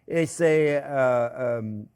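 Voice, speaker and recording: Smooth and darkish in tone, the mid-range voice of an older French-accented man draws out its words. As chef and host, he leads a casual cooking demo in a home kitchen, chatting, joking, and peppering his talk with fillers and restarts.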